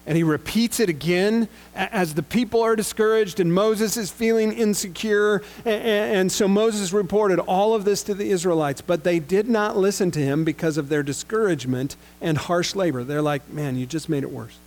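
A male preacher delivers a sermon in a relaxed, conversational manner, slipping into slangy paraphrases of the characters. His voice sits a little higher than most men's. He also reads longer scripture passages aloud. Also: moderate pace, few pauses. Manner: casual, conversational retelling with slangy paraphrased quotes.

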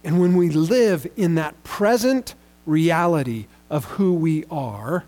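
A man's voice: a little high, expressive, takes it slowly, darkish tone, poor audio. A man in his forties, a pastor, telling a personal story in a sermon in a conversational way, with bursts of raised emphasis.

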